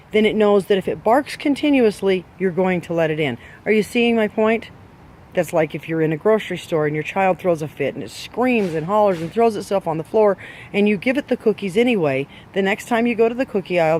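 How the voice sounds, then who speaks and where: A man's voice: high-pitched, a little mellow, slight background noise. A man giving dog owners blunt training advice, emphatic and scolding, with many rhetorical questions.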